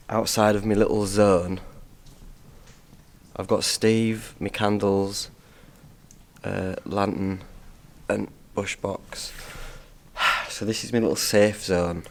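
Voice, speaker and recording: Hushed man in a tunnel. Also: fairly low pitch, little pitch movement, takes it slowly, gravelly, long pauses. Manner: hushed, keeping his voice down. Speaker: outdoor vlogger. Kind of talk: solo camping vlog, talking to camera. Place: inside a disused tunnel at night. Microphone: handheld camera.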